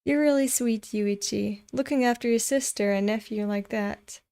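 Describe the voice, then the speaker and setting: A woman voicing a gentle, kind young woman who is a little shy and eager, with a sweet, bright delivery. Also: on the high side, moderate pace, vocal fry, clean tone.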